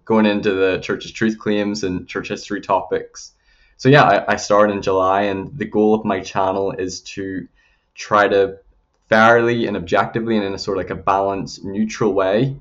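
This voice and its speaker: Low-voiced Northern Irish man. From Northern Ireland. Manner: earnest, measured, frequent fillers. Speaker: guest, YouTube channel creator. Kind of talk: casual interview conversation. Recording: slightly dull lo-fi audio.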